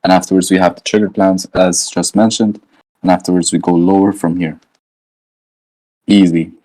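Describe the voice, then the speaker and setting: Deep-voiced casual male trading coach. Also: little pitch movement, normal speed, a little mellow, rough recording. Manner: casual, slangy, thinking aloud with frequent "right?". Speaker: trading educator. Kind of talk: live chart walkthrough.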